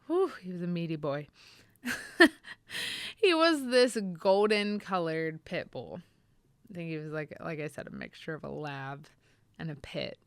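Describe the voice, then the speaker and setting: Woman podcast host, slightly low voice, earnest and halting, speaks close to a dry mic. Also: expressive, smooth, no room sound. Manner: earnest, reflective, halting with many fillers. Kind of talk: personal storytelling on a podcast.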